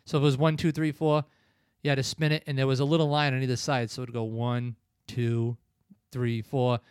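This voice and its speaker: A man's voice: mid-range voice, flat delivery, a little fast, a little mellow, smooth, no echo, studio quality. A man in his thirties casually reviewing an old film, rambling and acting out the scenes in voices. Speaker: podcast co-host. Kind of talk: casual movie-review chat.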